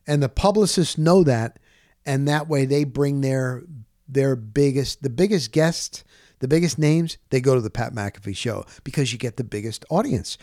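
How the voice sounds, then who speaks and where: A man hosting a show, telling a story in a casual, animated monologue and often jumping into high voices when he quotes people. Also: no echo, clean studio sound. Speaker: host.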